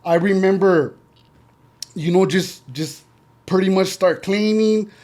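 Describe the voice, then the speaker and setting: A man's voice: sits high, slow, darkish tone. A middle-aged man telling stories as a podcast guest, loose and casual, full of slang and "you know" fillers. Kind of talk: casual interview storytelling.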